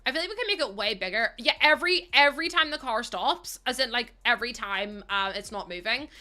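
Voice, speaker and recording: A young woman livestreams a life-sim game, chatting casually with her viewers and the game characters and laughing often. Her voice is fairly high, animated and sharp in tone, and she talks a little fast.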